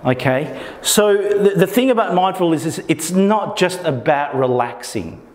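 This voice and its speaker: A man's voice: high voice, lively intonation, a little slow, slight background noise. A man presenting to a small meetup group, often checking in with his listeners and acting out inner thoughts. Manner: keeps checking in with the audience, acts out inner thoughts. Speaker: workshop presenter. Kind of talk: informal talk to a small group. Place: meetup room. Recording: echoey room with long reverb.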